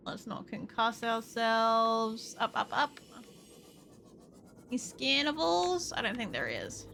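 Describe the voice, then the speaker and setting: A young woman streaming a game, chatting to herself and yelling and swearing at the creatures on screen. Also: fairly high pitch, slow, creaky, a little hiss or hum. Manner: expressive, swears and yells at the game. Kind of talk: casual gameplay commentary.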